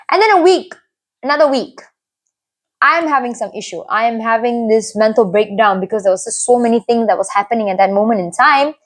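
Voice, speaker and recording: A young woman tells a personal story to camera in an earnest, confiding way, often checking in with "right?". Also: a little high. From Malaysia. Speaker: vlogger.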